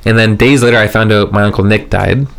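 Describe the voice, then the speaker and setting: A man's voice: lowish voice, fairly even intonation, quick pace, creaky, a bit bright. A man telling a long story in casual podcast chat, rambling and full of fillers, swearing casually.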